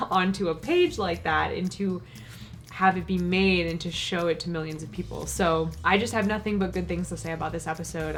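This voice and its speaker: Woman, lowish voice, effusive and rambling, casual reaction commentary, faint music behind. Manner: effusive, emotional, rambling with restarts. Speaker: reaction video host.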